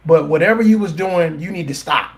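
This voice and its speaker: A man giving opinionated commentary to a live chat, incredulous and animated, often repeating himself and restarting his sentences. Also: fairly high pitch, brisk. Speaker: commentary vlogger.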